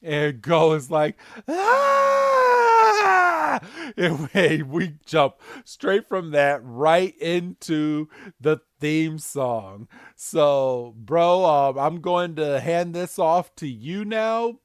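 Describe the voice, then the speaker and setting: Animated man recapping a cartoon. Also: fairly high pitch, smooth, dry recording, studio quality. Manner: animated, acts out scenes. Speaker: podcast host. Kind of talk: casual episode recap.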